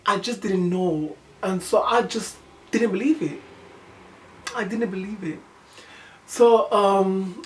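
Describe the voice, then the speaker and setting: A young woman from Nigeria telling a personal story in a vlog, candid and halting, often repeating herself and checking in with the listener. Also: fairly low pitch, distant mic. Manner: halting, candid, repeats herself, asks "do you know what I mean". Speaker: vlogger.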